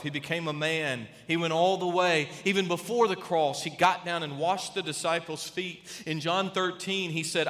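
High-voiced, emphatic male preacher in a hall. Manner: emphatic, with dramatic pauses and swings in loudness. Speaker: pastor. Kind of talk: sermon. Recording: long reverb of a large hall.

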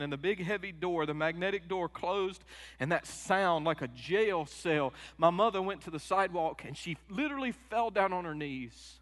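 A middle-aged man preaching a sermon, moving from quiet personal stories to loud, emphatic peaks. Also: medium pitch. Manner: emotional storytelling, rising to loud emphatic peaks. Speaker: pastor. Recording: long hall reverb.

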